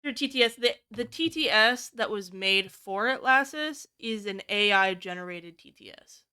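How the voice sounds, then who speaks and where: Young woman streamer from the US, clear bright voice, animated and swears a lot, shoots up in pitch for quotes. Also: normal speed. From United States. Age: young adult. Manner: animated, swears freely, high-pitched when quoting others. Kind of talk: casual chat while working on stream.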